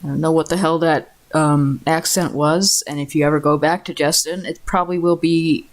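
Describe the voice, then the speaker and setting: A woman narrating as dungeon master of a tabletop game, relaxed and laughing often. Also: low voice, normal speed. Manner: relaxed, laughing, swears casually.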